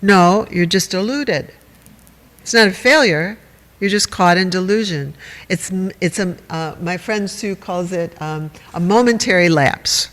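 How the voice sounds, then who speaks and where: A man with a high voice gives a meditation talk in a wry, chatty way, joking at his own expense and turning to his listeners. His voice carries a long reverb from the hall. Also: unhurried, fairly bright tone. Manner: conversational, wry and self-mocking, with audience asides. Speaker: meditation teacher. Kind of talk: dharma talk to a group.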